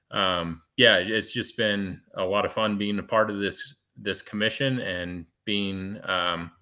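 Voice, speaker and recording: A man on a video call introducing himself as a farmer on a commission, speaking haltingly with many fillers. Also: low voice, bright, forceful tone. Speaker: agriculture commission member, potato farmer. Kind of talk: casual self-introduction.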